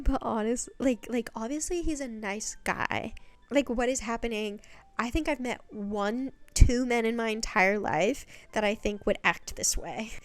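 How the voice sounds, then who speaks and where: A woman's voice: a little high, normal speed, no echo. A young woman giving a casual spoken recap, chatty and blunt, swearing freely and firing off rhetorical questions. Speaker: video essayist. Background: faint background music.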